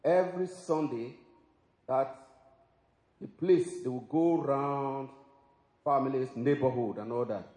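A man's voice: medium pitch, measured pace, long pauses, mellow. A man preaching a sermon in an emphatic style, breaking into exclamations and laughter. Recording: echoey hall with long reverb.

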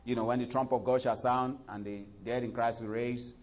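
A man preaching a sermon at a mid-range pitch. His voice climbs loud and high as he reads scripture aloud, then falls back soft and low for his asides. He fills the gaps with "you know" and often corrects himself. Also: steady tone, brisk, highs cut off, slight background noise. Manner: frequent fillers and self-corrections.

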